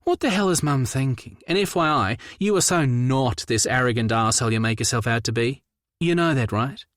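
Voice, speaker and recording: A man voicing an angry, blunt young adult brother in an audiobook, talking in exasperated, sharp outbursts. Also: medium pitch, expressive, fairly quick, no echo, studio quality, lightly acted. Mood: chiding. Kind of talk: audiobook character voice.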